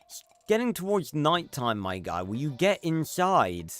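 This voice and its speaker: A man's voice: on the high side, big pitch swings, measured pace, faint music behind. A man livestreaming a game, chatting casually and rambling with lots of fillers and restarts. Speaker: streamer. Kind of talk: casual gameplay livestream chat.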